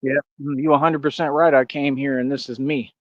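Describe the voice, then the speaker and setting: A man's voice: mid-range voice, level tone, fairly quick, muffled recording, slight background noise. A young adult man, from Austin, delivering a boastful, taunting live-stream monologue full of slang and repeated catchphrases. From Austin, Texas.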